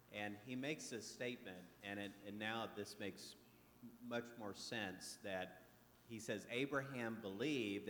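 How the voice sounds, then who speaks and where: A man's voice: lowish voice, fairly bright tone, slight background noise. A man in a Bible study group sharing a thought, sometimes restarting his sentences. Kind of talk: casual group discussion. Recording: roomy echo with faint ambience.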